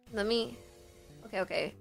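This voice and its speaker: A woman's voice: a little high, gravelly. A young woman hosting a livestream, chatting with viewers in a rambling, giggly way full of "like". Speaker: livestream host. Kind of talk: casual chat with viewers.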